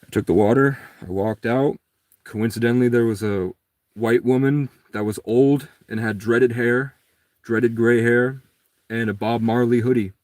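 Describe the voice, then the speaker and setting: A man's voice: mid-range voice, a little mellow, dry recording. A man telling a long personal story in a casual, rambling monologue. He acts out the other people's lines in a raised voice.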